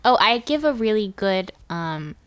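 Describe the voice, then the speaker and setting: A woman's voice: mid-range voice, sing-song, unhurried, clear, resonant tone. A woman of twenty co-hosting a podcast, an upbeat, giggly voice in casual chat. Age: 20s. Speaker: podcast co-host.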